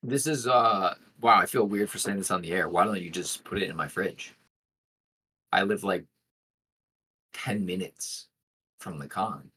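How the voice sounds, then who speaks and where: A man co-hosting a podcast in casual chat, telling stories animatedly and slipping into quiet deadpan asides. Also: low voice, measured pace, pauses often, slightly rough, low-quality recording. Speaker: podcast co-host.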